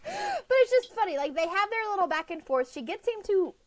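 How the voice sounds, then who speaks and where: A woman's voice: very high voice, fairly quick, heavy background noise. A woman co-hosting a podcast, chatting casually about a book and acting out the characters' lines with bursts of laughter. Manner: animated, acts out characters' lines while laughing. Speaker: podcast co-host. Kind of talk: casual book recap chat.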